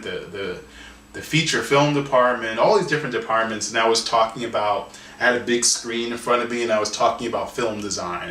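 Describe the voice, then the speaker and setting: A man, an artist and author, telling a story in an interview in an animated way, often restarting and repeating words. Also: mid-range voice, a little hiss or hum. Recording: roomy sound from a distance, faint ambience.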